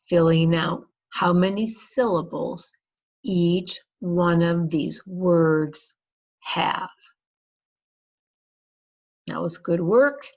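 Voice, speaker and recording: A woman teaches a beginner English class, speaking very slowly and pronouncing each word with care for learners. Her voice is slightly low, with a gravelly, husky edge. She has the patient pacing of a class lesson. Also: poor audio. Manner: over-enunciates words for language learners. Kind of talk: slow, deliberate classroom instruction.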